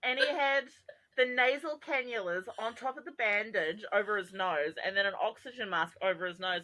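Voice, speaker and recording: Young woman, podcast co-host, bright voice, animated delivery, rambling storyteller. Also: fairly high pitch, normal speed, poor audio. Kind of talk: casual chat.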